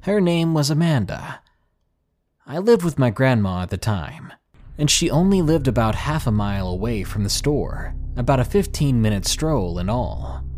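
A man narrating a first-person horror story in a dramatic, scripted storytelling manner, slowing down on tense phrases. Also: medium pitch, a little hiss or hum. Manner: lively, dramatic storytelling with slowed emphatic phrases.

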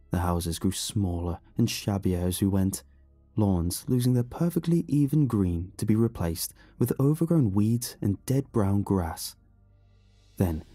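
A man reading a horror story aloud in a slow, hushed, brooding way. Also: low-pitched, slightly rough. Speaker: narrator. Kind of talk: scripted horror narration.

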